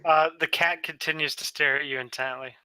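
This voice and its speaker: A man's voice: on the high side, fairly even intonation, a little fast, bright, forceful tone, smooth, no echo, poor audio. A man narrating a tabletop game as dungeon master, with lots of hesitant fillers.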